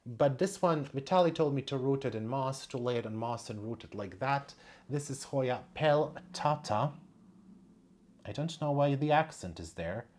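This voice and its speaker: A plant vlogger talks casually at home, wandering from thought to thought while showing plants one by one. The voice sits at a middle pitch, neither high nor low. The tone stays chatty and unpolished. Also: lively intonation, normal speed, darkish tone. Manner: chatty, meandering, thinking aloud. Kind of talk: casual show-and-tell vlog.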